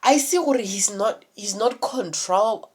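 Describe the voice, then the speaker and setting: A woman's voice: medium pitch, takes it slowly, a little mellow, slightly rough. A young woman telling a rambling, profanity-laced story in a casual vlog, full of fillers and restarts. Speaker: vlogger.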